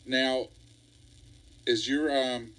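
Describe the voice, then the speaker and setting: A man's voice: mid-range voice, fairly even intonation, very slow, a bit bright, rough recording. A man hosting a radio interview show, enthusiastic and laughing along with his guest.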